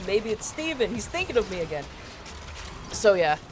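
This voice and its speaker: A woman streamer casually telling a story, animated and profane, with quick asides. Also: medium pitch, slight background noise.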